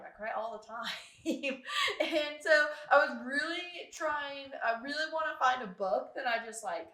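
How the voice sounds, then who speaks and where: A young woman talks casually to her camera about books she has read, rambling along with fillers and little laughs. Her voice is bright and sits a bit high. The room around her is echoey. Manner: chatty, rambling, with frequent laughs and filler words. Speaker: book vlogger.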